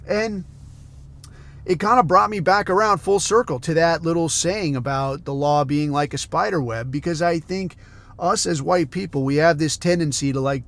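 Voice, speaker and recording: A man's voice: on the high side, normal speed, a bit bright. A man from the United States, hosting a podcast and ranting in a heated, profane, sarcastic way. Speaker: podcast host.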